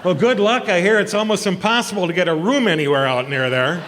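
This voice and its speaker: A man's voice: high-pitched, fast talker, long reverb tail, background noise, close to an everyday voice. An actor playing a bumbling, eager reporter in a live stage comedy sketch, stammering and fumbling his words. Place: theatre stage.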